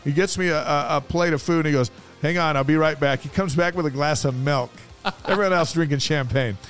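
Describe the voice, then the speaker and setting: A man co-hosting a casual sports podcast, telling anecdotes in a lively way. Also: a little high, brisk, soft background music. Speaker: podcast co-host. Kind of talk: casual sports chat and storytelling.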